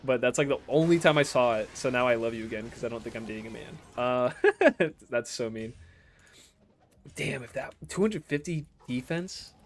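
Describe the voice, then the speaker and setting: A man's voice: mid-range voice, lively intonation, normal speed, slight background noise. A young American man streaming a game, chatting casually and reading viewer messages aloud, rambling, laughing often and swearing freely.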